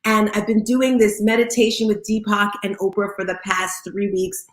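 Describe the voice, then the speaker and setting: A woman's voice: mid-range voice, fairly even intonation, moderate pace, echoey room. Upbeat woman hosting an audio chat room. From Bermudian family. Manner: upbeat, greeting listeners by name. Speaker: host.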